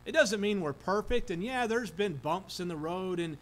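High-voiced preaching man. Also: expressive, moderate pace, slight background noise, low-quality recording. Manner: earnest preaching with many restarts and fillers. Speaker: pastor. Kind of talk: sermon. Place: church sanctuary.

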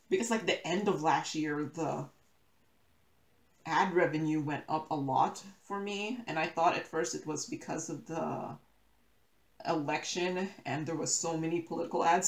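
Rambling woman chatting in a roomy room. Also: sits low. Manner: rambling, self-correcting, laughs often. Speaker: crafting YouTuber. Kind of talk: casual chat while diamond painting. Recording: roomy echo.

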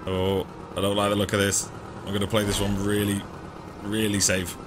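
A man's voice: lowish voice, monotone, normal speed, background noise. A man hosting a let's play, giving chatty, self-mocking gameplay commentary and laughing often.

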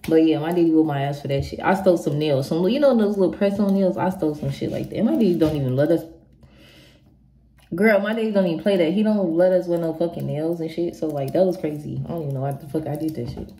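A young woman chats her way through viewer questions in a low, mellow voice, talking bluntly, swearing freely and circling back on herself. Her voice carries the sound of an echoey room. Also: fast talker, slight background noise. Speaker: vlogger answering viewer questions. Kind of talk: casual Q&A chat.

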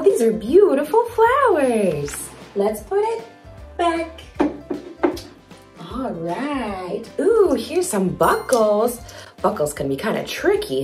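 Slow, sing-song woman talking to toddlers. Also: on the high side. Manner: bouncy, exaggerated and playful, with sound effects. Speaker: toddler video host.

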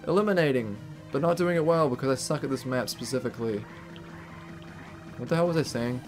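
A young man with a New Zealand accent chats loosely as he streams a game, wandering off-topic, laughing and swearing casually. His voice sits at a middling pitch, with light game music playing faintly behind him. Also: fairly quick, pauses often. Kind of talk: casual live-stream gaming chat.

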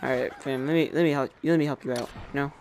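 A man's voice: medium pitch, steady tone, fast, darkish tone, slight background noise. A man giving flustered, apologetic let's-play commentary over a game. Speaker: gamer.

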